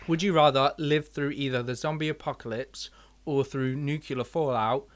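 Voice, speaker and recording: A man's voice: mid-range voice, moderate pace, a little hiss or hum. A man hosting a casual podcast chat, rambling and searching for words, swearing casually. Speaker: podcast host.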